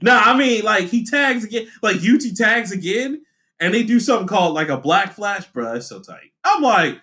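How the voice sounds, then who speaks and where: A man co-hosting a podcast in casual chat, animated and hyped, laughing often. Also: high voice, moderate pace. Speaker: podcast co-host.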